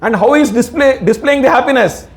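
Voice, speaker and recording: A man's voice: very high-pitched, animated, brisk, reverberant. A man giving a devotional sermon, asking the audience questions and answering them himself. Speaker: devotional speaker.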